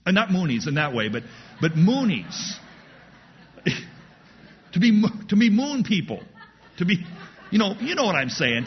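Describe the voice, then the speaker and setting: A man's voice: a little high, very animated, measured pace, long pauses, dull audio, slight background noise. A man teaching verse by verse through a sermon, who jokes and laughs at himself, then repeats key words with emphasis. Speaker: pastor.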